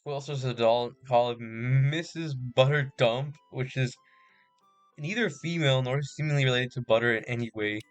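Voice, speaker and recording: A man's voice: mid-range voice, moderate pace, no room sound, faint music behind. A man playing a dating game, reading its text aloud and reacting with casual bemusement. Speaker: gaming streamer.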